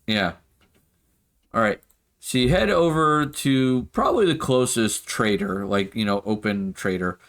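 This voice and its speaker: A man's voice: lowish voice, animated, fairly bright tone. Hesitant man narrating a tabletop game. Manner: halting, filler-heavy narration. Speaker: game master.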